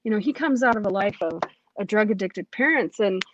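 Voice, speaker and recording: A woman's voice: medium pitch, expressive, fairly quick, dull audio, slight background noise. Earnest woman recounting a personal testimony. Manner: earnest, emotional storytelling with many restarts. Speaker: police academy cadet telling her story.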